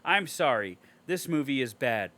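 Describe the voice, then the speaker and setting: On a casual movie-review podcast, a male co-host reads a review aloud and rants at it with sarcastic, profane outbursts. His mid-range voice swings widely in pitch, moving at a moderate pace with a bright, forceful tone.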